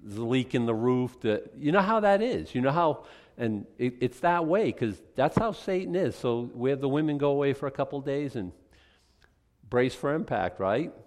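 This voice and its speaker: A man's voice: medium pitch, expressive, moderate pace, darkish tone. A male pastor preaching a sermon in a conversational, joking, rambling way.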